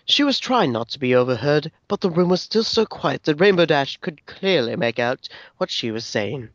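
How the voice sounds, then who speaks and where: A man reads a fan story aloud as narrator, his pitch bouncing lively across each line. His voice sits a bit high for a man. The recording is dry and lo-fi. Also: moderate pace, no room sound. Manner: expressive storytelling. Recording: dry, dull lo-fi sound.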